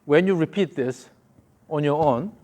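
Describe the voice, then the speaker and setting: A man's voice: fairly high pitch, a little slow, a little mellow. A male golf coach giving a hands-on lesson, calling short repeated cues and humming the count and rhythm.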